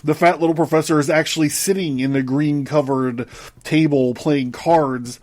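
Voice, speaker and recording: A man's voice: fairly high pitch, fairly even intonation, normal speed, a little mellow. A man reading a book aloud on his podcast, acting out the quoted characters and then breaking off to comment casually. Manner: voices the characters' quoted lines, breaks off to joke and laugh. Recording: equipment sound problems.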